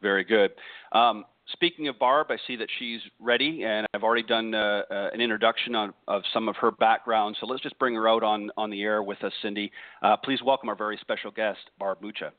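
A man hosting a radio interview, loose and halting with many restarts. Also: lowish voice, steady tone, dry recording. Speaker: radio show host. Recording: tinny phone-quality line.

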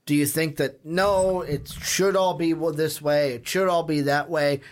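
A man's voice: a little high, fairly even intonation, unhurried. A young man hosting a podcast, talking loosely with swearing and lots of "um" fillers. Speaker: podcast host. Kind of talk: casual podcast chat.

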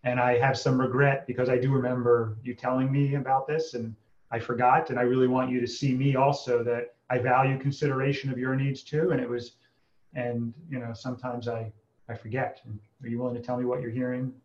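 A man guest, an internist, speaking in a gentle, earnest, halting way in calm conversation. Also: mid-range voice, echoey room, muffled recording. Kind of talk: calm conversational podcast talk.

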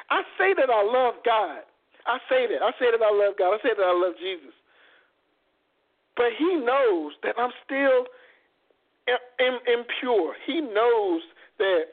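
Fervent male co-host, very high voice, stumbling restarts, tinny line. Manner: fervent, repetitive, stammering restarts. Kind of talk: impassioned faith talk. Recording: phone-like lo-fi audio.

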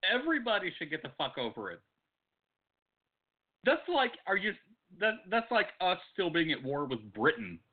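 A man's voice: high-pitched, wildly swooping pitch, moderate pace, long pauses. A man co-hosting a podcast in casual, profane chat, blunt and dismissive. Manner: blunt, dismissive, swears a lot. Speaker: podcast co-host. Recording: tinny phone-like sound.

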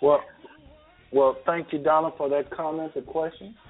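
A man hosts a call-in program with a breathy, husky voice that sits a little high. He talks fervently, like a preacher, and keeps stopping on fillers. The sound comes through a thin, tinny phone line. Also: fairly even intonation, moderate pace, soft background music. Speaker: call-in show host. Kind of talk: casual call-in talk.

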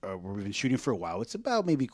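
A man from Pennsylvania, a comic and podcast host, telling stories in casual chat with animated, rambling restarts. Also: fairly low pitch, no room sound. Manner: animated storyteller, quick rambling delivery with restarts.

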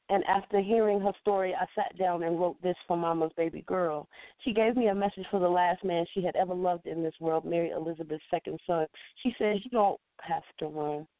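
A woman's voice: on the low side, no echo. A woman caller reciting her own spoken-word poem with a rhythmic, rhyming, conversational delivery. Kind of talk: spoken-word poetry recital over the phone. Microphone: phone. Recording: tinny, dry phone line.

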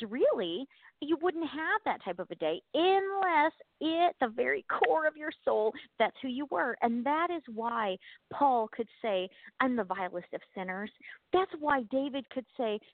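Bubbly high-voiced woman on a thin line. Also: dry recording, phone-quality sound. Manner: chatty, animated, self-deprecating with laughs. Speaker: podcast co-host. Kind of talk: casual faith chat.

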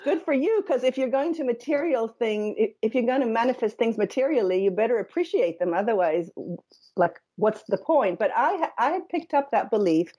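A woman author being interviewed on the radio, talking in a thoughtful, measured way with pauses. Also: fairly high pitch, animated, dark tone, husky. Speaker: author and guest.

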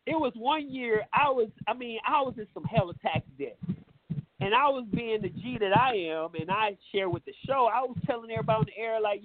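High-voiced man rambling on a tinny line. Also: fairly quick, a crowd in the background. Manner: rambling, repeats himself, street slang. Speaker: radio show host. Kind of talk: loose profane radio banter. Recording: tinny phone-line sound with faint noise.

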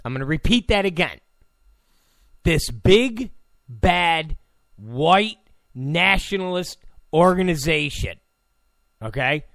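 A man with a gravelly voice hosts a talk show, ranting in disbelief with heavy sarcasm. His pitch swings widely as he repeats his points and bursts into shouts. The recording is close and dry. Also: lively intonation, slow pace, pauses often, no echo. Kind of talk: ranting commentary. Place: Los Angeles.

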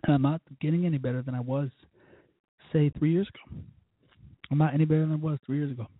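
A man's voice: a little high, steady tone, fast talker, no room sound, narrow, tinny audio. A man hosting his own podcast, talking in a rambling, self-deprecating way and cursing constantly. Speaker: podcast host. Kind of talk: rambling, profane solo podcast talk.

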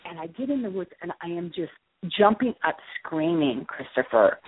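A woman's voice: fairly low pitch, sing-song, normal speed, slightly rough, no echo. A middle-aged woman, an author, telling a personal story in a casual interview and acting out her own reactions as she goes. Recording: dry, tinny phone line.

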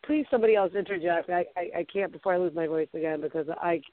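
A woman host with a Boston accent, chatting effusively in an interview, halting often with fillers. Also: on the low side, crowd noise. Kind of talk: casual interview chat. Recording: tinny phone line, dry.

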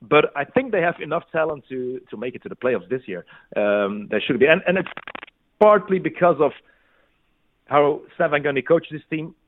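A man from Belgium with a Flemish accent, Dutch his first language, joining a sports podcast as a guest and talking eagerly with halting restarts. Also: fairly high pitch, animated. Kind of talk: casual sports podcast chat. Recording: tinny phone-like line.

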